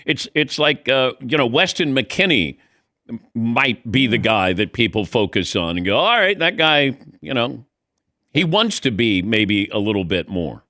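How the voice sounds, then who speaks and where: A man's voice: lowish voice, lively intonation, measured pace, sharp tone, no room sound, studio quality. A man hosting a sports talk interview in an easygoing, teasing way. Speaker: host.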